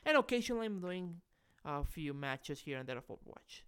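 A man's voice: on the high side, clean tone. A man co-hosting a gaming podcast, chatting casually and often repeating himself as he goes. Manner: halting, repeats words, relaxed. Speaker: podcast co-host.

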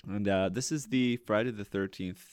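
A man co-hosting a podcast, reacting with excitement in casual chat. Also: lowish voice, normal speed, clear, resonant tone, no room sound. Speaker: podcast co-host.

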